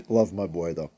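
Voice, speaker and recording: A middle-aged man giving relaxed, reminiscing commentary while reacting to a comedy clip. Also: sits low. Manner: relaxed, reminiscing, chuckling asides. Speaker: reaction video host.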